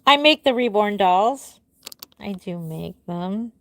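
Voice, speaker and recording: A middle-aged reborn doll maker speaks at a slow pace with lively intonation while hosting a live stream from her home. She chats casually and responds to viewers one at a time, her words trailing off soft and low at the close of each thought.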